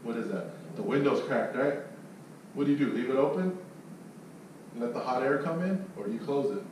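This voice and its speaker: A man's voice: mid-range voice, normal speed. Profane storytelling man, echoey distant mic. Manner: profane, animated storyteller who acts out voices. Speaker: salesman and sales coach. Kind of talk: casual storytelling with coaching. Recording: echoey room, distant mic, faint noise.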